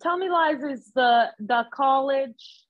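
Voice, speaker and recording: A woman in casual chat who swears freely and tells stories with animated energy. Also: sits high, slow, no echo, highs cut off. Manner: swears a lot, animated storytelling.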